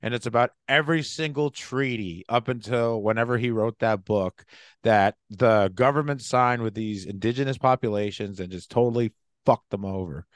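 A man's voice: mid-range voice, moderate pace, no echo, clean studio sound. A young man hosting a podcast, chatting casually and profanely with lots of fillers. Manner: profane, rambling, filler-heavy. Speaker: podcast host.

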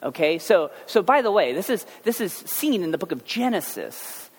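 Pastor guy preaching, kinda high voice, jokey and animated, echoey big hall. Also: moderate pace, husky. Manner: animated, joking asides. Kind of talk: conversational sermon. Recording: long hall reverb.

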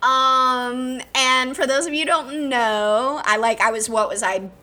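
Woman co-host from Alabama, a touch high-pitched, bright, joking storyteller. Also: unhurried. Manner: playful, punning, self-mocking storyteller. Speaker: podcast co-host. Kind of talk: casual chat.

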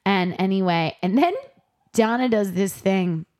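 A woman in her twenties co-hosting a podcast, chatting casually and animatedly as she recaps a TV episode, acting out scenes in playful high voices. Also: unhurried, a little mellow. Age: 20s. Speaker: podcast co-host.

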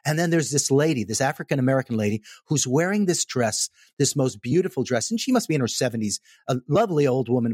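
A man telling a personal story in casual conversation, animated and emphatic. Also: a little high, slightly rough, dry recording, studio quality. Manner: animated, emphatic, repeats "okay?" for effect.

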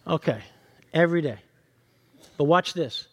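A man's voice: a little high, lively intonation, unhurried, a bit bright, slightly rough. A male pastor preaching a sermon, reading scripture and teaching in an earnest, direct way.

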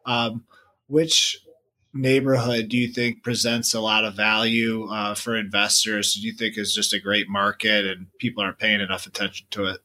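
A man's voice: fairly low pitch, little pitch movement, normal speed, pushed and bright. A man hosting an interview, offering friendly feedback and asking open-ended questions. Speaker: podcast host.

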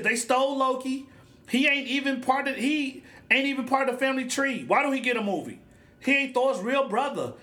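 A man with a high, bright voice rants through a solo podcast episode, blunt and animated. His talk is slangy and loose, with the feel of a casual chat into a podcast mic. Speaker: podcast host. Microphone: podcast microphone.

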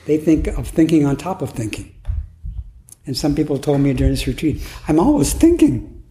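A man's voice: fairly high pitch, fairly even intonation, fairly quick, dark tone. A man giving a Zen dharma talk at a retreat, musing aloud in a playful way and laughing now and then. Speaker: Zen teacher. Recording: echoey room, faint noise.

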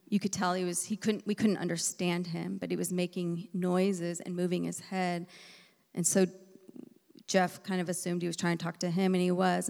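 A woman delivers a sermon from a church sanctuary, her words ringing with long reverb through the hall. Her voice carries a gravelly, creaky texture. She shifts between loud, emphatic lines and soft, breathy near-whispers as she tells a personal story. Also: lowish voice. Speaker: preacher.

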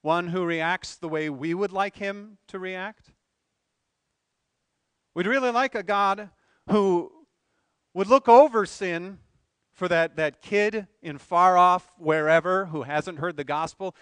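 A male pastor delivers an earnest sermon, posing rhetorical questions and building to emphatic swells. His voice sits high for a man and sounds smooth and resonant. The recording is dry, with little room sound. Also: takes it slowly, a bit bright, no echo.

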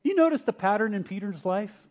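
High-voiced man preaching a sermon. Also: expressive, a little fast. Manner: conversational, asks the congregation questions; acts out Peter's confused voice. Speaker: pastor.

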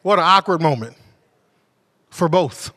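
Animated high-voiced male preacher. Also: a little slow. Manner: animated storytelling, swings from shouting to hushed. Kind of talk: sermon.

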